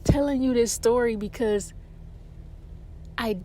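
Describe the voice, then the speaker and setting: A woman hosting a casual podcast, telling a story in an animated, dramatic way. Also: slow, a little hiss or hum. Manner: animated and dramatic, with expressive pitch jumps. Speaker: podcast host.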